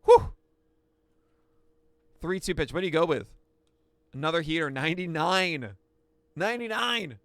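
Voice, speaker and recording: A man hosting a pitching analysis, talking through each pitch with excitable outbursts. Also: normal speed, pauses often, no echo. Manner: excitable, bursts into shouts and laughs. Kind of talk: excited play-by-play pitch breakdown.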